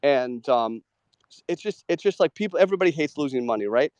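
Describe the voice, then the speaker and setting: A man hosting a live audio show, chatting casually about trading with many "like" fillers and quick agreeing murmurs. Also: a little high, lively intonation, a little mellow, dry recording, lo-fi sound.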